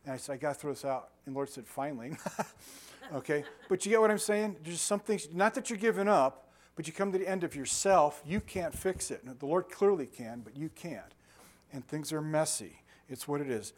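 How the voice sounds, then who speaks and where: A man's voice: fairly high pitch, expressive, moderate pace. An older man preaching a sermon, shifting from scripture into rambling, self-deprecating stories with frequent restarts and chuckles. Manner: conversational storytelling with frequent restarts and laughter. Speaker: pastor.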